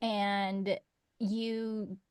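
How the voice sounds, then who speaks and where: A woman's voice: mid-range voice, little pitch movement, drawn-out words, clean tone, dry recording, studio quality. A woman hosting a book podcast, bubbly and effusive in casual chat. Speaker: podcast host.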